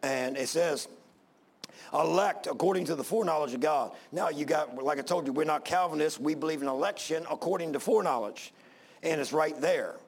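A man preaching with a gravelly, creaky voice set a bit high. He talks in a folksy, rambling way, stopping and restarting often. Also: fairly quick. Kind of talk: sermon.

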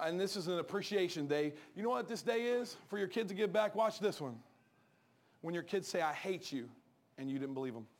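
A middle-aged man, preaching a joking, storytelling sermon that turns soft and low for serious points. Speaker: pastor.

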